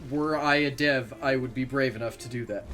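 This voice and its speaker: A man streams a video game while chatting casually, rambling, swearing freely and making self-mocking asides. His mid-range voice moves briskly through the gameplay commentary.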